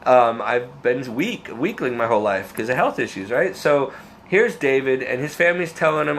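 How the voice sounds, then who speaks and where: A man's voice: mid-range voice, big pitch swings, brisk, fairly bright tone, a little hiss or hum. Earnest, rambling man telling a faith story. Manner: restarts and repeats words. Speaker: vlogger. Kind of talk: personal faith testimony.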